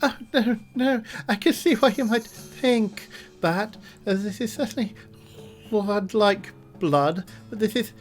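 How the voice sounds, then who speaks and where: A creepy, grinning innkeeper man from a video game, put on by a woman streamer, high-pitched for her usual voice and cheerfully sinister. He puts odd stress on his words and keeps a slow, deliberate pace. Faint music plays underneath.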